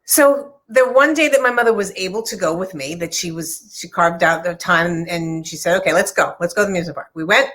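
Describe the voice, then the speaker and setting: A woman's voice: fairly low pitch, brisk, few pauses, a bit bright. A middle-aged woman author earnestly telling a personal story in conversation, with many fillers and restarts. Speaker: author discussing her book.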